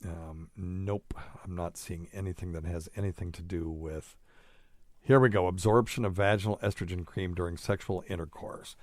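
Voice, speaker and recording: A man with a very deep, low voice hosts a casual podcast chat. He thinks aloud as he reads through medical studies and drops in chuckling asides. The sound is dry and close, with no room around it. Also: fairly even intonation, moderate pace, no echo. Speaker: doctor and podcast host.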